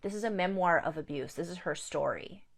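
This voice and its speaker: A woman's voice: fairly low pitch, a little fast. A woman life coach giving a candid, emphatic live talk, repeating her key points. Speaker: life coach and survivor advocate.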